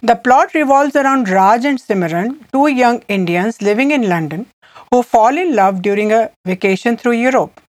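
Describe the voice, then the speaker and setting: A woman co-hosting a scripted language lesson, who reads phrases and then repeats them slowly, word by word. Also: fairly high pitch, expressive, no room sound. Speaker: language teacher co-host.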